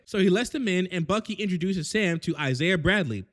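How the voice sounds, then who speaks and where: A man telling a crude, comedic recap of a show, full of slang and quick character asides. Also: sits high, animated, a bit bright. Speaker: recap host.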